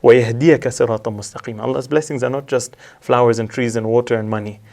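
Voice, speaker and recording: A man in a religious discussion, quickly reciting Quranic verses in Arabic and then explaining them in English. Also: mid-range voice, steady tone, vocal fry, a little mellow. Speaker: religious commentator. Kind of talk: discussion analyzing a religious letter.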